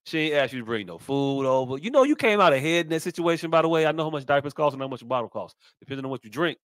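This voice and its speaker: Male podcast co-host, street slang, animated retelling, dry booth sound. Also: a little high, racing, no echo. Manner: animated storytelling, profane, slangy. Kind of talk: casual podcast chat, reading texts aloud.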